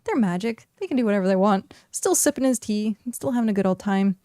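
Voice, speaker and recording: A young woman narrating a tabletop role-playing game as game master, describing scenes in a lively way with many asides. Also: medium pitch, quick pace, no room sound, clean studio sound.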